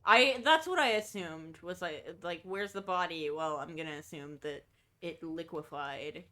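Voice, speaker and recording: A woman's voice: low voice, moderate pace, pushed and bright. A woman streaming a game and chatting casually, thinking aloud and swearing freely.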